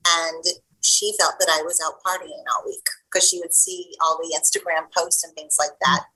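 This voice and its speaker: Bright, husky-voiced woman telling a story. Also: fairly low pitch, moderate pace, rough recording. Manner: animated, acts out the voices of people in her stories. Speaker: guest coach. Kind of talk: personal storytelling in an interview.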